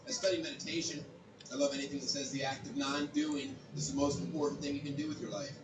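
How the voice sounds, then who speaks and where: A man doing stand-up, delivering dry deadpan one-liners. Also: on the high side, quick pace, echoey room, distant mic, noisy background. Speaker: stand-up comedian. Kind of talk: stand-up set.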